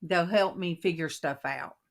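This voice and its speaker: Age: middle-aged. Sex: woman. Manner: folksy, animated storyteller. Style: casual chat. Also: on the low side, measured pace, creaky. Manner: folksy, animated storyteller, quoting herself and laughing. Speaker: host of a Christian women's coffee talk panel.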